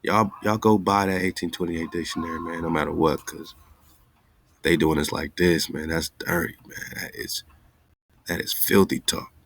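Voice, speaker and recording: Deep-voiced man hosting casual live talk. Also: steady tone, normal speed, vocal fry. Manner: loose, exasperated, talks straight to listeners. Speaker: online radio show host.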